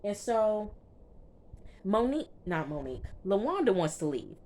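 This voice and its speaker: A woman reviewer recapping a TV episode in a casual, slangy, chatty way, tossing in quick asides as she goes. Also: mid-range voice, big pitch swings, dark tone. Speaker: TV show reviewer.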